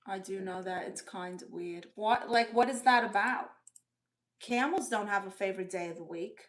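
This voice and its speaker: A woman's mid-range, slightly bright voice, close to her everyday one, comes at a moderate pace. She is playing a sassy, doting middle-aged aunt on a chatty bedroom comedy livestream, greeting viewers and reading the chat aloud with big swoops.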